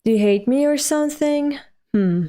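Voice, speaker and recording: A woman voicing a teasing war-devil girl who shares a schoolgirl's body, reading her lines flat and matter-of-fact. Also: high-pitched, normal speed, voice pushed up.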